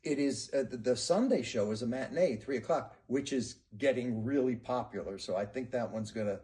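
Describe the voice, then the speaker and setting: A man's voice: medium pitch, fairly quick, warm tone. Chatty man talking with frequent laughs. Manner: friendly, chatty, often laughing, some hesitations. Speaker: interview guest, performer in a musical. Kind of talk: casual interview chat.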